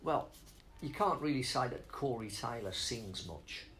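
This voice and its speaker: A man's voice: medium pitch, lively intonation, measured pace, very noisy. A middle-aged man rambling off on tangents in a casual interview, swearing freely as he talks about spoken word.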